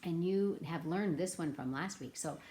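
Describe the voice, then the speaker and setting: A woman teaching a children's music lesson, playful and animated with a sing-song delivery. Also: lowish voice, moderate pace.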